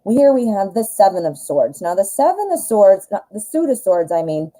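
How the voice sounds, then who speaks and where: A woman's voice: mid-range voice, big pitch swings, moderate pace, mellow, low-quality recording. A woman in her forties with a Midwestern American accent, chatting in a rambling, self-deprecating way while doing a live tarot reading. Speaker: tarot reader.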